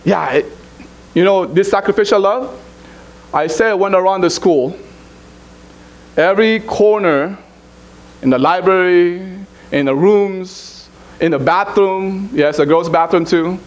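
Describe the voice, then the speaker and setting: A man's voice: unhurried, pauses often, poor audio. A man preaching a sermon as pastor, prompting the congregation to finish his lines and rising into urgent pleading. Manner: rises to high, urgent pleading.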